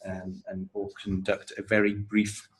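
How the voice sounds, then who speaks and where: A man's voice: low voice, monotone, a little hiss or hum, low-quality recording. A man acting as a teacher trainer, walking through a training manual step by step with frequent ums. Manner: slow, explanatory, with frequent ums and uhs. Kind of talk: instructional walkthrough of a training manual.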